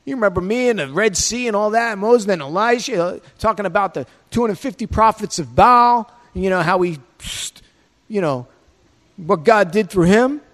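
A friendly old prophet bragging casually about his deeds, as a preacher puts him on. His fairly high voice rings in a large hall with long reverb. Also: lively intonation, moderate pace, fairly bright tone. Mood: chatty. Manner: boastful, chatty storytelling.

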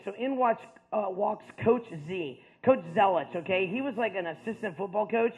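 A man's voice: high-pitched, normal speed, husky. A man from the Ohio Valley telling a story to an audience, casual and rambling, self-mocking, with lots of filler words. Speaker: speaker. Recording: tinny phone-like sound.

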